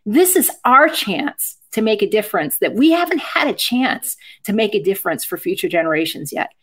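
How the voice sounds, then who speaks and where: A woman's voice: medium pitch, very animated, moderate pace, breathy edge. A Gen X woman from Michigan hosting a podcast, talking earnestly and rambling with many fillers and restarts. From Michigan, USA. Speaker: podcast host. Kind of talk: casual podcast chat.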